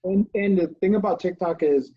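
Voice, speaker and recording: A man co-hosting a casual business podcast, talking with enthusiasm and telling animated stories. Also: high voice, brisk, no echo, highs cut off. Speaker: podcast co-host, business owner.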